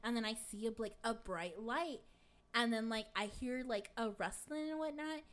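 A woman's voice: on the high side, moderate pace, a bit bright, natural voice. A woman playing a brash, crude middle-aged gossip in a comic sketch, rambling through a story with plenty of swearing. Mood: brash, gossipy. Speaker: guest.

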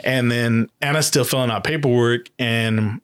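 A man telling a personal story in a halting, casual way, with many fillers and restarts. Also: mid-range voice, steady tone, smooth. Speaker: guest, adoptive parent.

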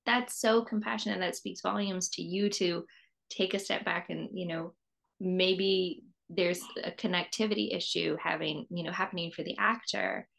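A woman's voice: on the low side, steady tone, moderate pace, creaky, a bit bright. A woman hosting an interview, talking in a rambling, effusive way and repeating words as she thinks. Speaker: podcast host. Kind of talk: interview host, casual conversation.

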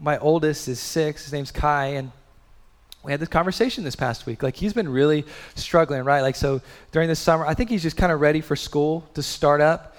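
A man's voice: a little high, a little fast, in a large hall. A man in his thirties preaching a sermon in a conversational way, full of rhetorical questions. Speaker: pastor.

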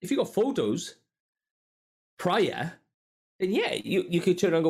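A man, co-hosting a podcast and telling a story in animated, swearing, casual chat. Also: a little high, brisk, vocal fry, long pauses, husky. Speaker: podcast co-host.

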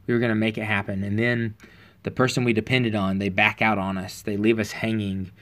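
A man preaching in a relaxed, earnest, conversational way, telling a personal story with frequent pauses and fillers. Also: on the low side.

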